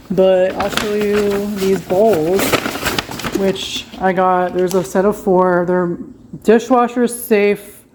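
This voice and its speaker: A woman's voice: medium pitch, dark tone, slight background noise. Chatty woman showing off a haul. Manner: chatty, wails dramatically over a broken cup. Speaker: vlogger. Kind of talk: casual haul vlog chat. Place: at home.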